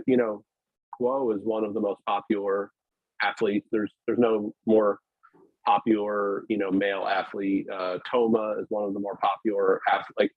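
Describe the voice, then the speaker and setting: Male guest on a video call, rambling and hesitant, husky, thin phone-like audio. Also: fairly low pitch, dry recording. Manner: rambling, hesitant, many restarts and fillers. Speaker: podcast guest, weightlifting media founder. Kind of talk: casual conversational interview.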